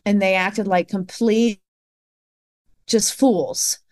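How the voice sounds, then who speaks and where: A woman's voice: mid-range voice, steady tone, slow pace, a little mellow. A woman in her forties, a podcast guest, telling a personal story in an earnest, emphatic way and acting out the lines of others. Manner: earnest and emphatic, with quoted dialogue. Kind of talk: conversational storytelling.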